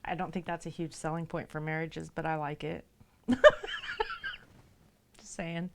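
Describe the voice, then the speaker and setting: Slightly slow and creaky, with little pitch movement and a bit of hiss or hum, a woman chats casually with her livestream viewers. She laughs often, reads out their messages, and talks to her cats in a high sing-song.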